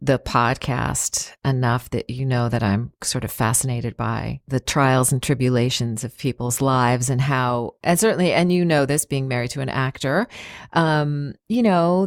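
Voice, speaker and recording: A woman hosting a casual interview podcast. Her voice sits low, and she talks in a reflective, rambling way, full of small fillers. The recording is dry, with no room sound. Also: no room sound. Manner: thoughtful, many "you know" fillers. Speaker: podcast host.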